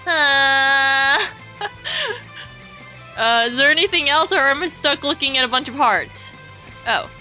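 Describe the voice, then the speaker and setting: Bright-voiced, sarcastic young woman streamer. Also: high-pitched, slow pace, pauses often, soft background music, poor audio. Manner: sarcastic, crude, laughing. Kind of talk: livestream game commentary.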